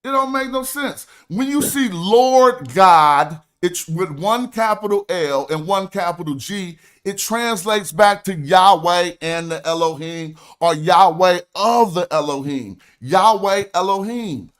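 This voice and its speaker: A young man with a notably high voice lectures on his stream, pressing his points hard and reading passages aloud from his notes. He talks in an emphatic, argumentative way, like someone out to prove a case. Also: animated, measured pace, hardly any pauses, a bit bright. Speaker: stream host. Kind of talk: livestream lecture.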